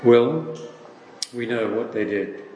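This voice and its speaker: A man delivers a sermon at an unhurried, deliberate pace, pausing on rhetorical questions. His voice carries a long, roomy echo from a large hall. A faint ambience sits behind him. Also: mid-range voice, darkish tone, a little hiss or hum. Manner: slow, reflective, with rhetorical questions. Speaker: preacher.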